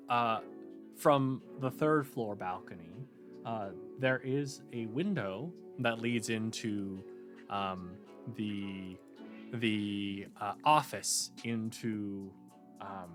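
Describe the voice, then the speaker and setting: A man narrating a tabletop game as game master, hesitant and full of fillers. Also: fairly low pitch. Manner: hesitant, many fillers and restarts.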